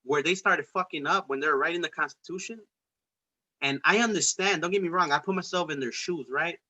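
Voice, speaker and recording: A man's voice: on the high side, a little fast, pushed and bright, lo-fi sound. A man hosting a casual talk show, rambling and profane, with streetwise slang. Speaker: podcast host. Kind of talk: casual political debate chat.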